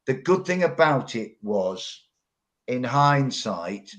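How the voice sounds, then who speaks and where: A man's voice: medium pitch, big pitch swings, slow pace. A middle-aged man, telling long stories as a pundit in a casual football podcast chat, often repeating words as he goes.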